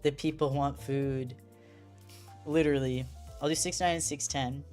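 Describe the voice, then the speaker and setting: A young woman streamer with a low voice, chatting casually as she reads game text aloud. She slips in and out of character voices. Faint game music plays behind her. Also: fairly even intonation, moderate pace, a little mellow.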